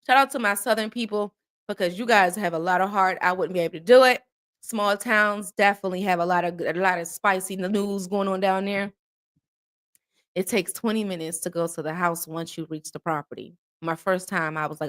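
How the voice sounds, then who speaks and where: A woman from the American South hosts a loose, casual chat with her viewers. She talks in an animated, jokey way and swings into exaggerated disbelief. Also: medium pitch, moderate pace. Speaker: host.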